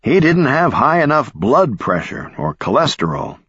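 A man reading aloud voicing a brisk, dry-humored male scientist colleague who talks in a clipped, matter-of-fact way. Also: medium pitch, big pitch swings, fairly bright tone, husky, dry recording, dull audio, voice pushed up, full character voice.

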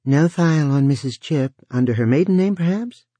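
A man voicing an office intercom that answers in a flat, clerical manner. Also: on the high side, a little fast, no room sound, pitched above the performer's own voice.

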